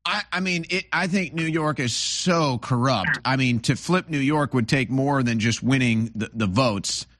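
An opinionated man hosting a casual interview, rambling through his points and restarting his sentences often. His voice is mid-pitched and sounds dry and close to the mic. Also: a little slow, few pauses, fairly bright tone, no echo. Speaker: host.

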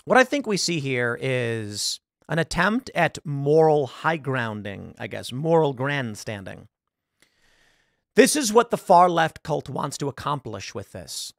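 A man hosting a political commentary monologue, sarcastic and emphatic, jumping between loud jabs and quiet asides. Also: mid-range voice, sing-song, takes it slowly, creaky, dry recording, studio quality. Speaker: commentary host.

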